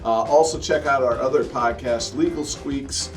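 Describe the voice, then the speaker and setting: A man's voice: medium pitch, moderate pace, faint music behind. A man hosting a podcast, chatting with a guest and signing off the show in an upbeat way. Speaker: podcast host. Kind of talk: casual interview and show outro. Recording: voice a bit distant from the mic.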